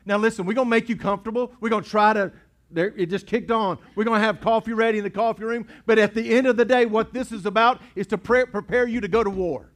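A male pastor, preaching a sermon in a church sanctuary, building from hushed asides to shouted repeated lines. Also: high voice, steady tone, fast. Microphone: pulpit mic.

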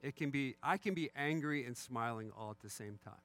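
A man's voice: mid-range voice, fairly quick, fairly bright tone. Man, pastor, sermon, easygoing preaching, plain middle voice. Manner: conversational preaching with self-deprecating asides.

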